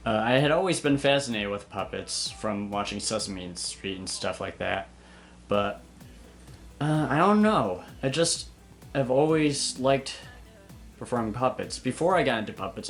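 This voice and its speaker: A man's voice: medium pitch, a bit bright. Chatty young man answering fan questions. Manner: candid, chatty, hesitant fillers. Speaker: puppeteer and video maker. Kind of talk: casual Q and A vlog.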